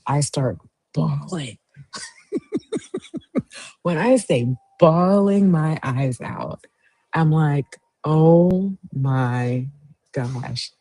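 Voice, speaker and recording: A woman's voice: low-pitched, animated, very slow, pauses often, warm tone, slightly rough, no echo, poor audio. A woman hosting a casual livestream, telling a story in a chatty way and cheering on viewers as she reads their comments. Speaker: host.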